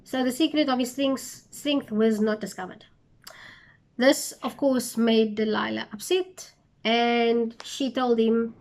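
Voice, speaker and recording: A woman's voice: a little high, takes it slowly. A young woman retelling a Bible story for her channel, with chatty, incredulous asides.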